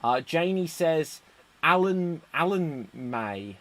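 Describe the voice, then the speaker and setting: An English man hosting a live-streamed improv comedy show, brisk and upbeat as he reads out audience votes. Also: on the high side, animated, fairly bright tone. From England.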